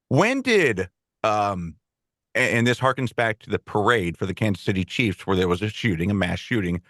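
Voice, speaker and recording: A man's voice: medium pitch, fairly bright tone, no echo, clean studio sound. A middle-aged man, a podcast co-host and former radio host, chatting in an easygoing, reflective way. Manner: easygoing, reflective, lots of quick agreement. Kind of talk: casual chat.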